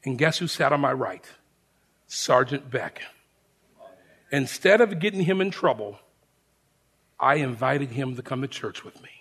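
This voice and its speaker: A man preaching a testimony as a lively story, speaking to the congregation as friends. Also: medium pitch, measured pace, long pauses, slightly rough. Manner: animated storyteller, shouts the sergeant's lines. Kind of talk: sermon storytelling.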